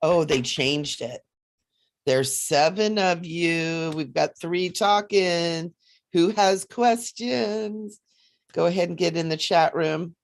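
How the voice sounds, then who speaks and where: A woman hosting a casual psychic livestream, chatty and animated, often laughing as she reads cards. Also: lowish voice, slow pace. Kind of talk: casual livestream chat with card readings.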